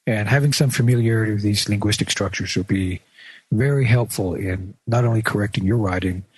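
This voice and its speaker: A man presenting an instructional radio segment, plain-spoken and measured, with small restarts as he explains. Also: fairly low pitch, husky, no echo. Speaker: radio show presenter teaching.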